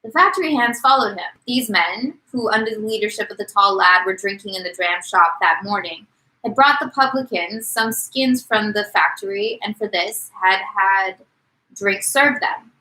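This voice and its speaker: A woman's voice: medium pitch, moderate pace, bright, forceful tone, low-quality recording. A woman co-hosting a podcast, reading a novel aloud and acting out the quotes. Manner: reads with dramatic voices for quotes. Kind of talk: casual read-aloud podcast.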